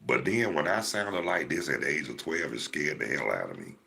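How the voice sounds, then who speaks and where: Very deep gravelly older man. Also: animated, brisk, pushed and bright. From Georgia, US. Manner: laid-back, rambling, repeats himself. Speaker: livestream host. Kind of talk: casual storytelling to live chat.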